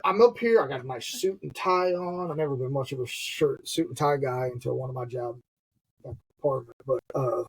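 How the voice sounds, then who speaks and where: A man's voice: mid-range voice, moderate pace, husky, poor audio. A middle-aged man with a Southern US accent, a podcast guest talking casually, swearing freely and laughing often. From US Gulf Coast. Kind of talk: casual conversation.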